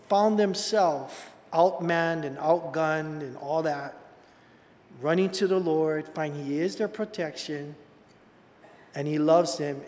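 A man preaching a sermon, telling animated, conversational stories and calling people "bro". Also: a little high, big-room sound.

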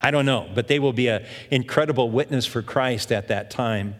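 A man's voice: mid-range voice, moderate pace, a bit bright. An older man preaching, teaching a Bible passage verse by verse and reading scripture aloud. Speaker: pastor. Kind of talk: sermon. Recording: long reverb of a hall.

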